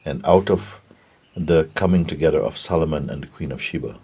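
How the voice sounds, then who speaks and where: A man giving a gentle spiritual talk and telling stories, often checking in with his listeners. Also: very deep voice, slightly rough. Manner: gentle, unhurried, keeps asking "you see?". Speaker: spiritual teacher.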